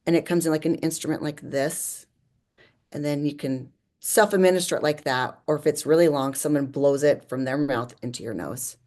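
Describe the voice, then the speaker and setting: Low-voiced woman telling a personal story. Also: moderate pace. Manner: animated, often says "like" and laughs. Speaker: podcast guest.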